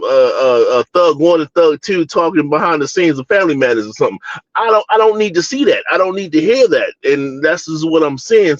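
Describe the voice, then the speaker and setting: A man's voice: on the high side, dry recording, muffled recording. A man from Baltimore co-hosting a wrestling review show, talking in a casual, opinionated way with lots of fillers, restarts and mocking asides. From Baltimore, USA.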